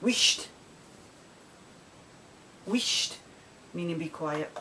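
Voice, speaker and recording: A woman with a west of Scotland accent hosts her knitting podcast in easy, rambling chat. Her voice sits a little low, and she laughs often between asides. A faint hiss sits under the recording. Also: animated, drawn-out words, bright, forceful tone. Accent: West of Scotland Scottish. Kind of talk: casual chat.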